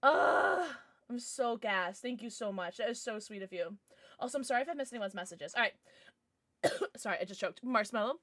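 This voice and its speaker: A young woman streamer chatting casually and excitedly to her viewers, now and then cooing at her dog in baby talk. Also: mid-range voice, fairly quick. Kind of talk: casual livestream chat.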